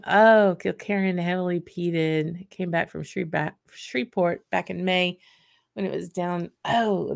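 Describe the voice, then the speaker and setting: Woman, middle-aged, low pitch, casual livestream chat, laughs a lot. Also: creaky, dry recording, studio quality. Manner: chatty, laughs often, many ums and restarts. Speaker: host of a whisky livestream. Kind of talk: casual chat reading viewer comments.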